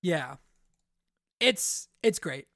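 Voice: medium pitch, animated, drawn-out words, gravelly, fairly bright tone, dry recording, clean studio sound. A podcast co-host chatting casually about a book and reading chapters aloud.

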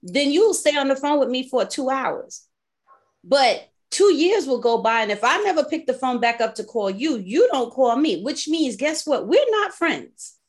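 Woman, forties or older, animated storyteller, podcast host, slightly high voice. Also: moderate pace. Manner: animated storyteller, laughs often, acts out quoted voices. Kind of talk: casual chat.

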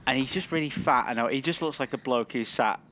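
A man with a British accent in a casual comedic chat, playful and halting, filling his speech with "kind of" and "like". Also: mid-range voice, a bit bright, a little hiss or hum.

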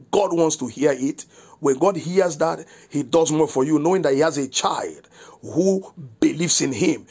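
Man preaching a devotional broadcast, husky a bit high voice, earnest, lots of repeated questions. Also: darkish tone.

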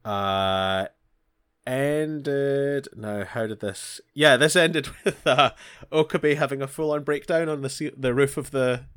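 A man's voice: medium pitch, slow, a bit bright, clear, resonant tone, no echo, clean studio sound. A man co-hosting a casual anime recap podcast, laughing often and chiming in with short agreements. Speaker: podcast co-host.

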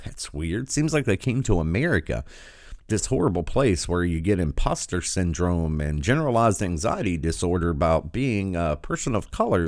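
Sarcastic low-voiced male commentator. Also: big pitch swings, normal speed, darkish tone, no echo, studio quality. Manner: sarcastic, incredulous, interrupting. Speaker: commentator reacting to a video.

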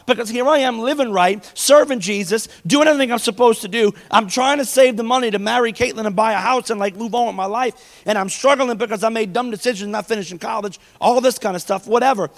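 A man's voice: very high voice, vocal fry, a bit bright, in a large hall. A man, preaching a sermon in a conversational way, full of personal stories. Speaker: pastor.

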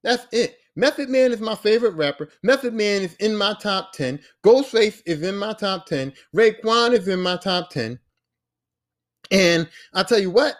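A man with a notably high speaking voice holds forth on a solo podcast. His talk is slangy and profane, and he hammers his points home by repeating them. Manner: profane, emphatic, repeats himself for emphasis. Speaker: podcast host. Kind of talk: casual solo podcast rant.

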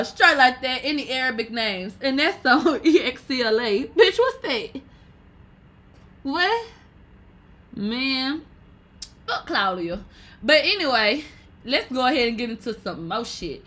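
A woman hosting a casual livestream, reading viewer comments aloud in a brash, profane way and laughing loudly often. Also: high-pitched. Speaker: livestream host.

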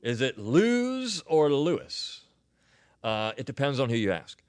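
A man's voice: mid-range voice, fairly quick, clear, resonant tone. A man who grew up in Delaware, hosting a podcast and giving solo commentary on readings in a conversational, think-aloud way. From Delaware, United States. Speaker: podcast host.

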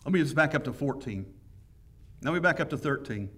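A man's voice: medium pitch, expressive, fairly quick, a bit bright, slightly rough, distant mic. A man preaching a sermon as pastor, enthusiastic and conversational, with frequent restarts. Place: church sanctuary.

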